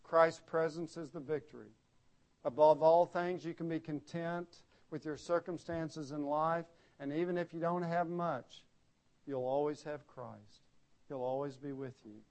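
Fairly high-voiced man preaching with dramatic dynamics. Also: measured pace. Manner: swings from loud emphatic peaks to hushed, low solemn drops. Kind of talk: sermon.

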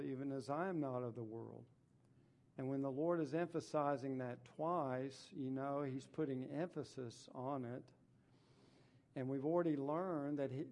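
A man's voice: medium pitch, warm tone. A man preaching a sermon, reading scripture verses aloud and explaining them, stressing points by repeating phrases. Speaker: pastor.

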